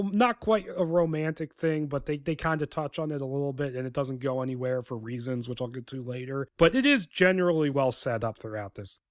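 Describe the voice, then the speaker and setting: A man talks through a film script on his podcast, sarcastic and rambling, often stopping to restart his sentences. His voice sits in a middle pitch. The sound is dry and close to the microphone. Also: dry recording. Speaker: podcast host. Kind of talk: casual spoken film script review.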